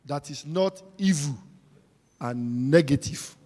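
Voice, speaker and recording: Fairly high-voiced guy preaching, repeats himself, goes loud then quiet, big echoey hall. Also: a little slow, pauses often. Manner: emphatic, repetitive, swings between shouting and quiet. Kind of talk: sermon.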